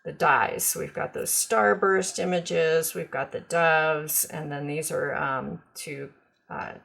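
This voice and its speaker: A woman's voice: low voice, steady tone, slow, vocal fry, fairly bright tone. A woman demonstrating craft products in a casual, chatty show-and-tell, full of ums and gushing over cute designs.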